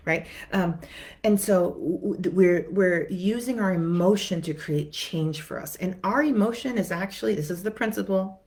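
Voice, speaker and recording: A woman's voice: on the low side, moderate pace, a little mellow. A woman therapist giving a conversational teaching talk to viewers, repeating words and acting out what clients say.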